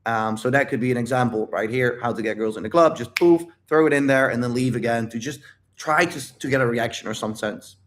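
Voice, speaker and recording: A man's voice: medium pitch, brisk. Man, livestream coach, emphatic and repetitive, swears a lot, talks straight to chat. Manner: addresses viewers directly. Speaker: dating and life coach.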